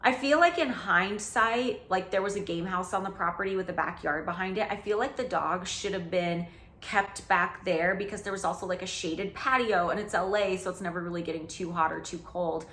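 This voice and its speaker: A woman's voice: lowish voice, moderate pace, fairly bright tone. Chatty woman in an echoey room. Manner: chatty, candid, self-mocking, lots of "like". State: out of breath. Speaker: host reacting to her old TV show. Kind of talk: casual commentary vlog.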